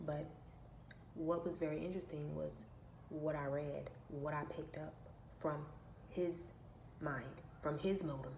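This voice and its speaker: A woman's voice: low voice, fairly even intonation, unhurried, vocal fry, pauses often, a little mellow. A woman vlogger telling a personal story in an emphatic, aggrieved way, repeating her phrases, in an echoey room. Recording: echoey room with faint background noise.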